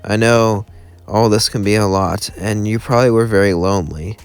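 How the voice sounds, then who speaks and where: A man's voice: on the low side, moderate pace, clear, resonant tone, no room sound, close to an everyday voice. A man voicing a caring, worried young woman in a fan story, earnest and pleading.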